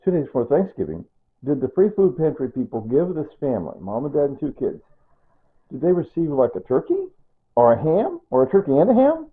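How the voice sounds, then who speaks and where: A man's voice: fairly high pitch, wildly swooping pitch, fairly quick, breathy edge. An older man talking in a casual personal vlog, rambling and sentimental, often repeating himself. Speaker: vlogger. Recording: tinny phone-like sound.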